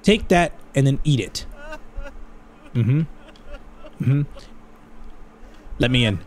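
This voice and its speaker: A high-pitched man hosts a let's play, his voice swooping all over the place. He is excitable and profane and talks straight to his viewers. He throws in Spanish slang exclamations as he goes. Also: normal speed, long pauses. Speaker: gaming channel host.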